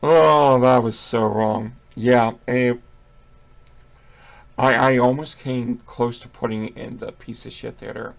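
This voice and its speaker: A man's voice: medium pitch, flat delivery, measured pace, creaky. A young man giving a casual movie review, profane, rambling and mocking.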